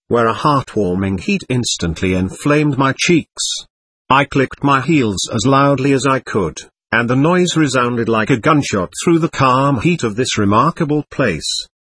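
A man reading a first-person memoir aloud in an earnest, measured way. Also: medium pitch, a bit bright, husky, dry recording. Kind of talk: scripted first-person narration.

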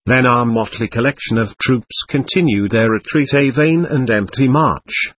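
Husky male audiobook narrator. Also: mid-range voice, normal speed, a bit bright.

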